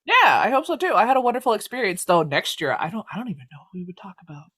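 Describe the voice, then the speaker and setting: A young adult co-hosting a podcast in a casual, animated way, slangy and swearing freely. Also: mid-range voice, racing, husky. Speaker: podcast co-host and streamer.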